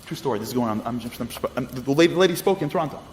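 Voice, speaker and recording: Animated male storyteller in an echoing hall. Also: mid-range voice, rapid-fire. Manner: lively, repetitive, asks the audience questions. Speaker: speaker. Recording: reverberant hall, faint noise.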